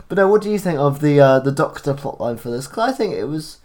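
A man's voice: a little high, animated, fast, a little mellow. A man co-hosting a podcast, chatting casually about a TV episode, laughing often and rambling with restarts. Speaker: podcast co-host. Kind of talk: casual chat recapping a TV episode.

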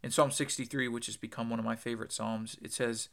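A man preaching an earnest podcast sermon, with a gravelly edge of vocal fry and a pitch in the middle of the male range. He quotes scripture often and stresses his points by repeating words. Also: flat delivery, fast talker, few pauses, a bit bright.

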